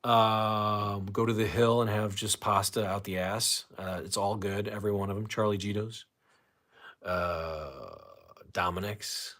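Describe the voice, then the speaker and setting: Here the St. Louis streamer speaks at a measured pace in a fairly low, slightly bright voice with fairly even intonation. He's hosting a casual livestream, ranting profanely and reading the chat out loud.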